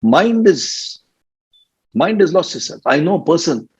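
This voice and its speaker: An Indian English spiritual teacher talks informally to his followers, playful and teasing, slipping into mimicry. His voice sits fairly high and sounds husky. The recording is dull and lo-fi. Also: very animated, moderate pace. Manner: playful, teasing, laughs often, mimics people.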